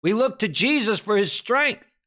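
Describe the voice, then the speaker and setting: A man preaching a dramatic sermon, hammering questions at his listeners and then sinking to a low, grave tone. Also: expressive, normal speed, pushed and bright. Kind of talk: impassioned sermon commentary.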